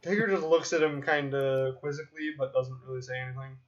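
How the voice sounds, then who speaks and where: A man's voice: mid-range voice, fairly even intonation, fast, highs cut off. A man playing in a tabletop game who talks carefully and asks questions. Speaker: player. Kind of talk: tabletop role-play.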